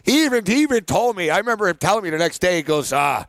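A man's voice: high voice, sing-song, quick pace, a bit bright, no echo. A man co-hosting a sports betting show, telling rambling stories full of fillers and laughs in a casual chat.

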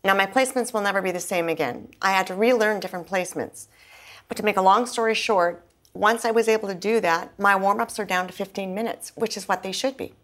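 In a candid conversational interview, a middle-aged singer-songwriter speaks earnestly and at length, full of fillers and restarts as she explains herself. Her voice is mid-range and a bit bright, and she talks fast.

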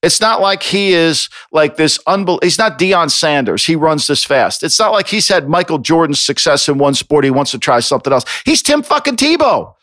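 A man's voice: a little high, moderate pace, hardly any pauses, a bit bright, dry recording, studio quality. A man co-hosting a sports podcast, ranting with exasperation and swearing freely. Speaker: podcast co-host. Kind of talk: heated sports opinion talk.

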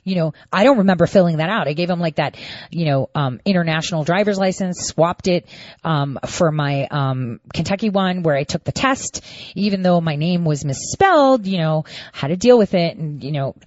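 A woman telling viewers a story in a casual monologue, indignant and animated, acting out both sides of each exchange. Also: on the low side, normal speed, dry recording, dull audio. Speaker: storyteller recounting a voting dispute.

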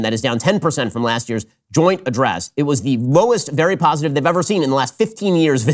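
Male host, sarcastic commentary, lively pitch that swings a lot, a bit on the high side. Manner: sarcastic, mocking, rapid-fire commentary. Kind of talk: political commentary.

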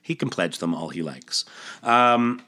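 Man, casual comic book read-aloud, chatty, asides, bright voice. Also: low voice, lively intonation, measured pace. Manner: chatty, many fillers and asides. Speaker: storyteller.

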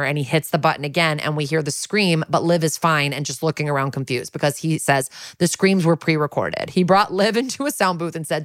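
Podcast co-host, female, deep register, close dry mic, storyteller who acts out the dialogue. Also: a little fast, few pauses, no room sound. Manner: animated retelling, acting out quotes, wry asides. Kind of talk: casual recap storytelling.

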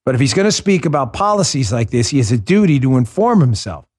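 A man's voice: mid-range voice, sing-song, fast talker, darkish tone. Impassioned man hosting a talk show. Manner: impassioned, emphatic, repeats words for stress. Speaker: podcast host. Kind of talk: political talk show monologue.

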